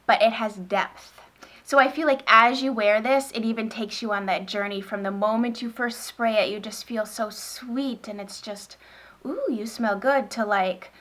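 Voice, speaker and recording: Bright-voiced chatty woman beauty vlogger. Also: fairly high pitch. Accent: northern US. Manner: gushing, chatty, rambling with many fillers. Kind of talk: casual chat.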